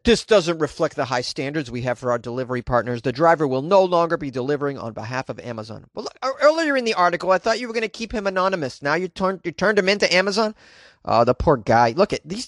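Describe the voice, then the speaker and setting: A young adult man hosting a comedy podcast from a closet, riffing in an animated, self-mocking way. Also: fairly high pitch, no room sound, studio quality. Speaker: podcast host.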